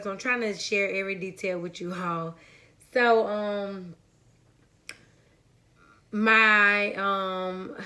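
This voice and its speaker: Bright-voiced young woman telling a story. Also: mid-range voice. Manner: chatty, rambling, addresses viewers as y'all. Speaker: vlogger. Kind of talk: casual story time to viewers.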